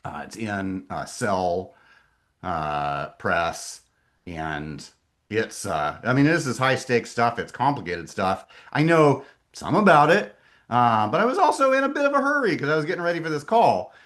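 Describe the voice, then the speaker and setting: A man's voice: medium pitch, big pitch swings, unhurried, fairly bright tone. A middle-aged man presenting a webinar in a casual way over a video call, enthusiastic and often hesitating and restarting his sentences.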